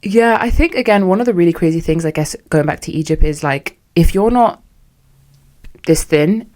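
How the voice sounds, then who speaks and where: A woman's voice: lowish voice, moderate pace, a little mellow. A young British woman hosting a solo podcast, candid and chatty with a sarcastic streak. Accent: British English. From United Kingdom. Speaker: podcast host.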